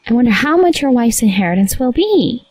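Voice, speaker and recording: Woman putting on a high-pitched scheming mistress. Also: sing-song, fairly quick, darkish tone. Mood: eager, scheming. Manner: gushing, eager.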